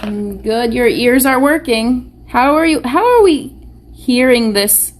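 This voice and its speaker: A woman teacher leads a live online phonics lesson for small children. Her voice sits a little high, and she talks very slowly and patiently. She keeps asking gentle, encouraging questions. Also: expressive, a little hiss or hum.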